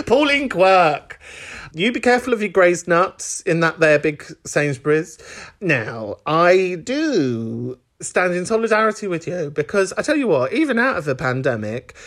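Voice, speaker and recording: Man, podcast host, casual chat, swooping lively pitch, laughs a lot. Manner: chatty, camp, laughs often.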